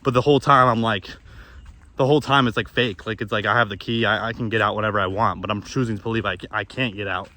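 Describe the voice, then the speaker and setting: A man's voice: fairly low pitch, fairly even intonation, fast talker, bright, forceful tone, slight background noise. Young man, outdoors, rambling confessional, profane, casual, restarts often. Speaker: vlogger. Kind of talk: candid confessional monologue. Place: woods outdoors.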